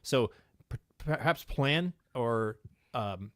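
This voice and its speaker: A man co-hosting a casual livestream podcast, talking in a relaxed, rambling way full of fillers and eager about rocket launches. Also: medium pitch, slow, no room sound, studio quality. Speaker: podcast co-host.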